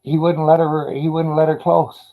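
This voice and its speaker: A man's voice: fairly high pitch, flat delivery, moderate pace, narrow, tinny audio. A man in casual chat, telling dog stories in a laid-back, profane way.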